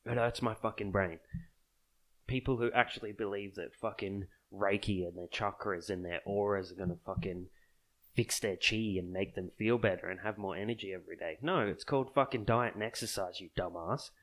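A man's voice: lowish voice, a bit bright. A man on a profane solo podcast rant, exasperated and sarcastic, swearing constantly. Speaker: podcast host.

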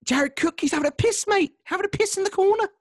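A man voicing a brash English football pundit with an exaggerated Liverpool accent, shouting and tacking "mate" onto his lines. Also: very high voice, fast, voice pushed up. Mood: indignant.

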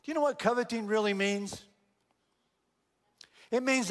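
Man, guest preacher, lively storyteller, high-pitched, reverberant hall. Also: normal speed. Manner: animated storyteller, acts out quotes. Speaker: guest speaker. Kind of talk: sermon storytelling.

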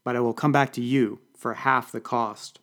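A man's voice: mid-range voice, steady tone, moderate pace, fairly bright tone, close to an everyday voice. A man voicing a blunt, matter-of-fact official. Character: jovial blunt Russian male official.

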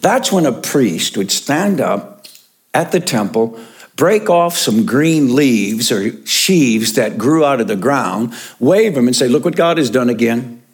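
A man's voice: mid-range voice, very animated. An older man, a pastor preaching a sermon, telling jokes and chuckling as he goes. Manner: slow, jokey storytelling with chuckles.

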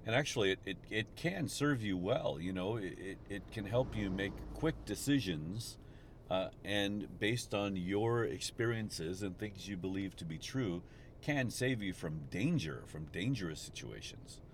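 A man's voice: on the low side, animated, measured pace. A man hosting a casual podcast while driving, rambling with many restarts. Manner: rambling, restarts often, gets frustrated in traffic. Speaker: podcast host. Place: inside a car in traffic. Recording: road noise from a car. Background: vehicle and road noise.

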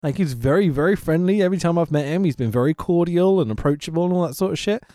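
A man co-hosting a wrestling podcast in casual chat, swearing freely, laughing often and rambling quickly. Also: fairly high pitch, mellow, no echo, clean studio sound.

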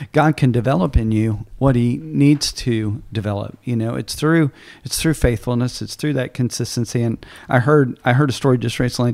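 A man's voice: mid-range voice, vocal fry, a little mellow. A middle-aged man hosting a faith podcast, telling stories in an earnest, casual way with many restarts. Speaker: podcast host.

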